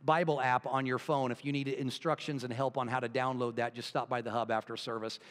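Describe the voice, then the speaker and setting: A man's voice: medium pitch, little pitch movement, a little fast, fairly bright tone, in a large hall. A male pastor telling a folksy joke and making announcements before his sermon in a church. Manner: folksy storytelling, casual asides. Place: church sanctuary.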